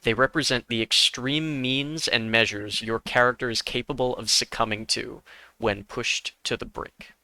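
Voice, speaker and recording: A man acting as game master, calling on players and reading rules aloud in a brisk, encouraging way. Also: medium pitch, fairly even intonation, bright, forceful tone, no echo. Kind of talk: running a tabletop horror game, reading rules.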